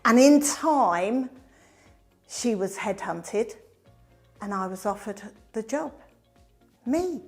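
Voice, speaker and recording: Slow, lively woman telling her story. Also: a little high, faint music behind. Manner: animated storyteller, swinging from bright emphasis to hushed asides. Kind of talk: personal storytelling presentation.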